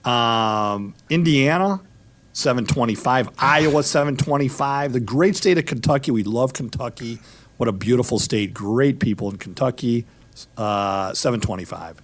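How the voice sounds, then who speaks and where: A man's voice: mid-range voice, normal speed. Rambling jokey middle-aged male host. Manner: rambling, jokey, gives shout-outs. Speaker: lawyer and show host. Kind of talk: casual chat.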